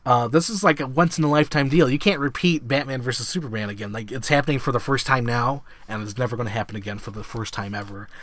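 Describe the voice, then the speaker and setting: Excitable man reviewing a movie, dry close sound. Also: medium pitch, dry recording. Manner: excitable, swears freely, acts out scenes in quick voices. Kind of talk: casual film review monologue.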